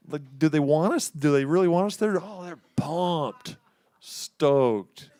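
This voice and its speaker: A man from Houston, a musician, telling a story in a casual, animated way, acting out the other people in it and laughing often. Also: on the high side, a little slow, dry recording. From Houston, Texas. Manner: animated, acts out quoted voices, laughs often. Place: live studio show.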